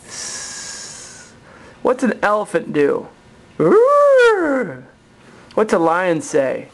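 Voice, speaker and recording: A woman's voice: sits low, expressive, moderate pace, gravelly. A woman in a home video, coaxing her toddler with sing-song baby talk, at home. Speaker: parent filming her toddler.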